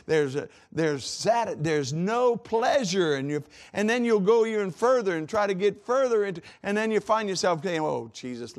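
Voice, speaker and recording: Delivering a sermon full of folksy jokes, a high-voiced man shifts from loud to hushed, coughing now and then from a congested chest.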